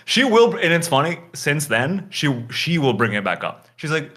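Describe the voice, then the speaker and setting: A man's voice: fairly high pitch, sing-song, normal speed, hardly any pauses, a bit bright. A man chatting casually, rambling with lots of filler words and swearing freely. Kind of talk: casual chat.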